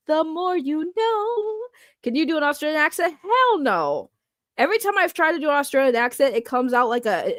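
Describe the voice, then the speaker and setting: A woman with a high, bright-sitting voice reacts in casual commentary, laughing often and cursing without a filter. Her voice is close and dry, with no room sound around it. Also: no room sound. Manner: animated, laughs often, swears freely. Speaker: reaction video host.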